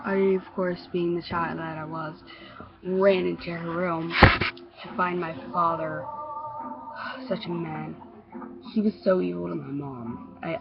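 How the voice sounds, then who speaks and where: Sex: woman. Style: amateur creepy-story narration. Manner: hesitant, halting, low-pitched. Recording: dull lo-fi. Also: gravelly. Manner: hesitant, halting, with repeated restarts.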